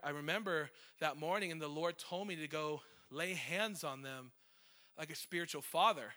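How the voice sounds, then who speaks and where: A worship leader in his thirties preaches a conversational, emotional sermon sprinkled with self-deprecating asides. His voice sits on the high side, bright and forceful.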